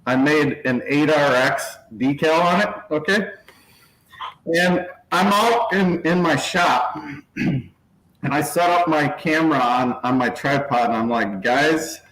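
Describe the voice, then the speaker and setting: A man's voice: a little high, unhurried, fairly bright tone. A man chatting casually on a video call from his small workshop office, telling a long story, stopping to laugh and putting on voices. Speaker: channel host. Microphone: laptop. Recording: echoey room.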